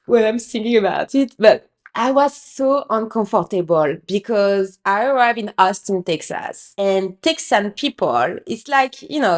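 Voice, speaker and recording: Woman, French accent, podcast host, candid, emphatic, casual business storytelling. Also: mid-range voice. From France. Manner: candid, emphatic, swears freely, acts out quotes.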